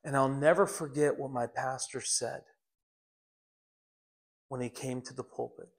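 A man's voice: mid-range voice, fairly even intonation, unhurried. A middle-aged man preaching a sermon, telling stories earnestly with frequent restarts. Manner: earnest, storytelling with repeated restarts.

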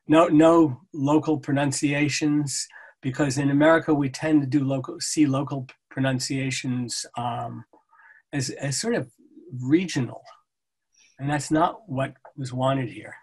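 A man, a translator, reading poetry aloud and talking about his translation in a measured, halting way. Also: mid-range voice, breathy edge. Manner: measured, halting, self-correcting. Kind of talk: poetry reading and book talk.

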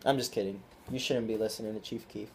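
A man's voice: on the low side, fairly even intonation, fast, vocal fry, slight background noise. A young man vlogging casually, joking around and baby-talking to his puppy, now and then slipping into Spanish phrases. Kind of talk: casual vlog chat.

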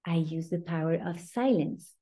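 A woman's voice: on the low side, moderate pace, warm tone, lightly acted. A woman voicing the biblical matriarch Rachel, who pleads with God in a heartfelt first-person confession. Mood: pleading.

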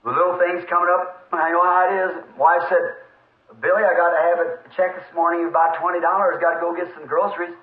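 A man preaching a storytelling revival sermon with a Southern American accent, fervent and excitable, breaking into shouted praise, recorded in a church on old tape. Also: high-pitched, fast talker, roomy sound, narrow, tinny audio.

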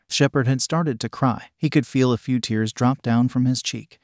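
A man narrating a fan fiction story in an even, steady reading. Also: medium pitch, normal speed, hardly any pauses, dry recording, clean studio sound.

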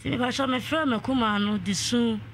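A woman's voice: on the high side, brisk, a little hiss or hum. A woman calling in to a radio show, telling a long family dispute and quoting what others said. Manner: long narration with quoted speech. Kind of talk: radio call-in storytelling.

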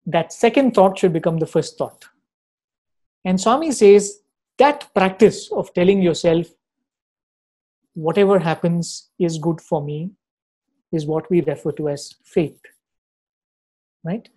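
A man gives a devotional talk in a soft, warm tone. He tells stories earnestly and keeps checking in with his listeners. His voice stays mellow and easygoing as he speaks. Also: high-pitched, takes it slowly, long pauses, poor audio. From Chennai, India. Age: 40s. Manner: earnest storyteller, often checking in with "right?" and "you know". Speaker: spiritual speaker.

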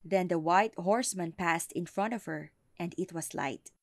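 A woman reading a folktale aloud as an audiobook narrator, slow and deliberate. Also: fairly low pitch, gravelly, dry recording, clean studio sound. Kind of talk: storybook narration.

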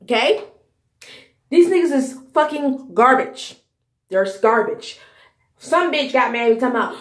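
A woman's voice: sits high, big pitch swings, moderate pace, reverberant. A woman in her thirties hosting a podcast, delivering a heated, profane, scolding commentary rant. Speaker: podcast host.

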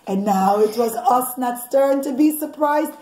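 A mother telling a bedtime story to her child at home, animated, with laughing asides and a teaching tone. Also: high voice, a little slow, faint music behind. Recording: echoey room.

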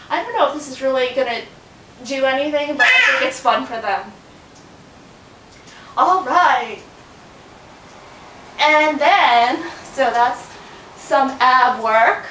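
A woman with a fairly bright voice and a measured pace vlogs her bedroom workout, chatty and talking sing-song to her baby while getting out of breath. Captured from a distance, the sound is roomy with a faint low rumble.

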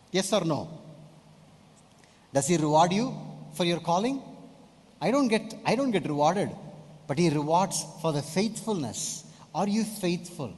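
A male pastor preaching a sermon emphatically, often putting questions to the congregation. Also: fairly high pitch. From India. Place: church hall. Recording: long hall reverb.

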